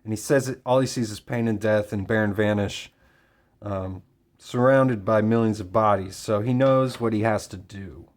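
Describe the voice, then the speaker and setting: A man with a somewhat low voice walks through a comic issue panel by panel. His delivery is relaxed and conversational, dotted with hesitations and filler words. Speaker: comic book reviewer. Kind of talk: casual review talk.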